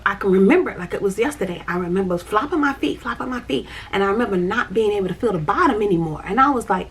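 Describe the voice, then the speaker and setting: A woman's voice: mid-range voice, breathy edge. A woman tells a personal story, repeating phrases as she vividly recounts the moment.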